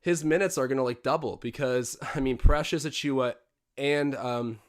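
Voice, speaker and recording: A young man hosting a live watch-along stream, commentating on a basketball game and getting excitable on big plays. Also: normal speed. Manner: excitable, jumps up in pitch and volume on big plays. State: out of breath. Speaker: livestream host doing game commentary.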